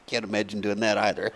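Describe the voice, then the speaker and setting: A man's voice: lowish voice, background noise. A man co-hosting a morning show, reading a joke list in a playful, jokey way. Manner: jokey, reads gags with playful lift. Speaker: co-host reading a top ten list. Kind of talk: casual chat.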